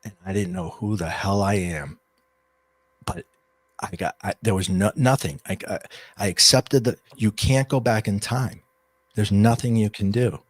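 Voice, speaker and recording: Husky middle-aged man telling a story. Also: on the low side, measured pace, no room sound. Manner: rambling, restarts and animated retelling. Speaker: guest, spiritual coach and author. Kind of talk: storytelling in an interview.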